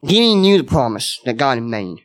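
A man's voice: medium pitch, sing-song, fairly quick. A man preaching a sermon, earnest and conversational, speaking directly to his congregation and repeating key words for emphasis.

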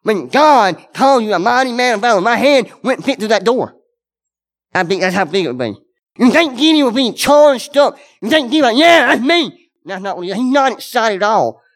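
A man's voice: sits high, big pitch swings, a little fast. A man preaching a sermon, earnest and conversational, speaking directly to his congregation and repeating key words for emphasis.

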